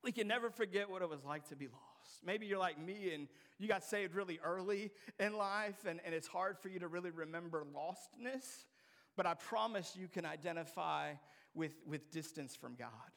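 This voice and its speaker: Man, young adult, pastor, sermon, high voice, gravelly, hushed to emphatic. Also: moderate pace. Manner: preaching with sudden loud emphatic climbs and hushed drops.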